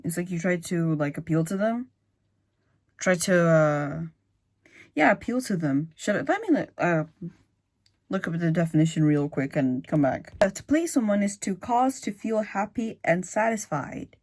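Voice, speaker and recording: A woman's voice: fairly low pitch, animated, moderate pace, darkish tone. A woman giving casual reaction commentary, musing aloud with lots of fillers and restarts. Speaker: reaction video host.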